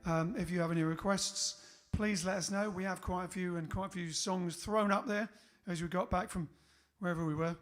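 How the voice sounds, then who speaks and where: A man's voice: high voice, steady tone, fairly quick, hardly any pauses. A man hosting a casual live-stream music show, rambling and trailing off mid-sentence. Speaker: band singer and show host. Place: home live-stream setup.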